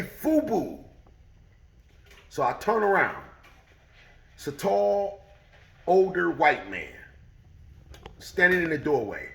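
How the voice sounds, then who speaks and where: A middle-aged man telling a true story in a casual, animated way, acting out the voices of the people in it. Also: on the high side, gravelly, roomy sound, poor audio.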